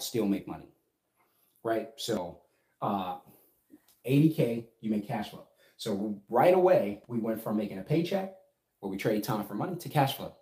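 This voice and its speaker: A middle-aged man teaches business in a casual, emphatic way and keeps checking in with his listeners. His voice sits low and mellow. The sound is roomy and echoey. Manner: emphatic, keeps asking "right?". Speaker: business coach. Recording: echoey room.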